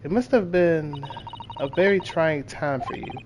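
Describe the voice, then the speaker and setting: A man's voice: on the high side, a little slow, background noise, voice pushed up, close to an everyday voice. A man reading the lines of a polite young female assistant from a game in his plain voice. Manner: reads game text aloud in a plain voice. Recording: game music playing behind.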